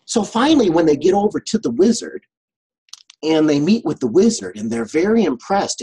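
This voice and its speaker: A man's voice: a little high, a little mellow, breathy edge, poor audio. A man giving a motivational team training talk, telling a story with animation and often checking in with his listeners.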